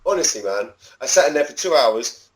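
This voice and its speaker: A man's voice: mid-range voice, big pitch swings, a little fast, rough recording. A man in his thirties, a podcast guest who tells a long story in a chatty way, swears freely and acts out the voices of other people. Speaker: podcast guest, former backyard wrestler. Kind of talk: casual storytelling interview.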